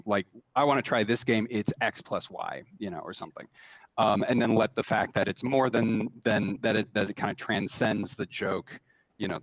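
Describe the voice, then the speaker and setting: A man's voice: on the low side, dry recording, dull audio. A man talking casually in an interview about making games, rambling with many fillers and restarts. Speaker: game designer guest.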